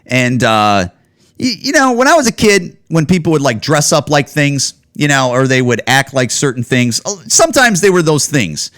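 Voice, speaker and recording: A man's voice: fairly high pitch, sing-song, moderate pace, fairly bright tone. A man in his forties hosting his own podcast alone, rambling and swearing heavily as he rants about football. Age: 40s. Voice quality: profane, rambling, heated. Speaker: podcast host. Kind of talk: casual solo podcast rant. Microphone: home camera setup.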